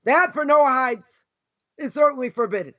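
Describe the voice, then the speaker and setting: A man's voice: extremely high pitch, moderate pace, pushed and bright. A man with a Boston accent teaching an informal Torah class as a rabbi, arguing in rhetorical questions and repeating his key phrases for emphasis. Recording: dull lo-fi recording.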